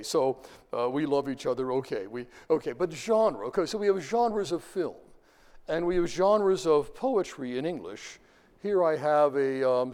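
Middle-aged guy lecturing a class, asks questions, reads poems out loud, slightly high voice, echoey hall. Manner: asks the class questions, reads verse aloud, taps out rhythms.

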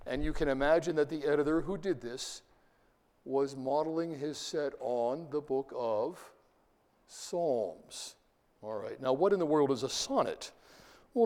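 A middle-aged man lectures a classroom, quizzing students, reading verse aloud and tapping out its rhythm. His voice is a little high and a little mellow, trailed by a long reverb tail.

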